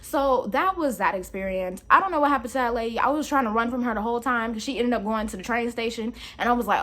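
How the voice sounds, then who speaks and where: A young adult woman telling a storytime vlog in an animated, slangy, exclamatory way. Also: a little high, fast talker, few pauses. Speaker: vlogger.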